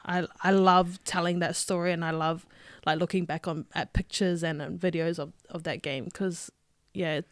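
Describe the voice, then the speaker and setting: A young woman, a rugby player telling her story as a podcast guest, lively and laughing, with lots of "like" fillers. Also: lowish voice, moderate pace, few pauses, no room sound. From Australia. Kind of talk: casual interview storytelling.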